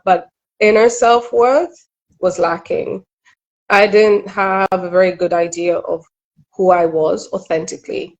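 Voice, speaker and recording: A woman's voice: on the low side, rough recording. A middle-aged woman from Kenya, a relationship coach, talking candidly and reflectively in an interview. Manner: earnest, reflective, quick asides.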